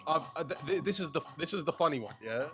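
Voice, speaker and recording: Young guy telling a night out story, kinda high voice, swearing lots, music playing behind. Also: quick pace. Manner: animated, swearing, slangy, acts out friends' lines. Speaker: podcast co-host telling a story. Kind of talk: casual storytelling chat. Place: shisha lounge.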